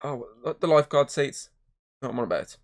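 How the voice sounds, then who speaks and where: A man's voice: mid-range voice, fast. A man hosting a podcast, chatting casually about movies in a rambling way, swearing often. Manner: rambling, swears a lot, animated retelling. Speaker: podcast host. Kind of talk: casual movie review chat.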